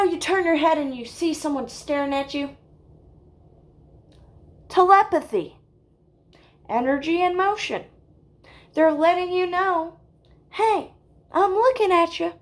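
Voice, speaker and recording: This is a slow, drawn-out mock spiritual talk from a high-voiced woman, played completely straight as a send-up of self-help lectures. Every so often she checks in with listeners by asking "okay?"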